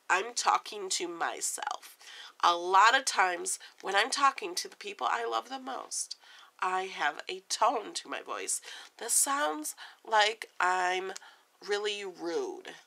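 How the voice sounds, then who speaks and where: Woman in her forties, casual vlogger, lively sing-song delivery, gives advice. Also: medium pitch. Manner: chatty, earnest, gives friendly advice. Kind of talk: casual chat to camera.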